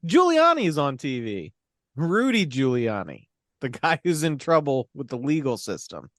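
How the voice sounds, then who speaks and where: A man's voice: a little high, huge pitch swings, measured pace, no room sound, clean studio sound. A man co-hosting a podcast, wryly recapping a movie in casual, profane chat full of fillers. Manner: wry, profane storytelling with many fillers. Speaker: podcast co-host.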